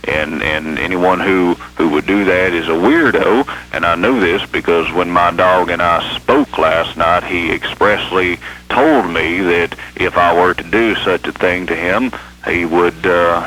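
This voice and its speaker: Deep-voiced guy on a call-in line, bright edgy tone, deadpan sarcastic. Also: a little hiss or hum, poor audio. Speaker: radio caller. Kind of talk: mock-serious call-in rant.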